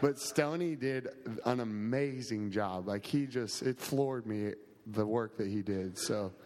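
A man's voice: lowish voice, unhurried, darkish tone. Young-sounding man thanking a congregation in a reverberant hall. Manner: casual, grateful, many fillers. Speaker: church camp staff member. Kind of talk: testimony to a congregation.

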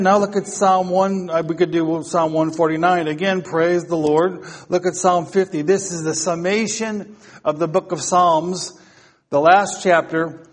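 A man's voice: a little high, steady tone, measured pace. A man preaching a topical sermon, talking casually to his congregation and then reading psalms aloud with rising emphasis.

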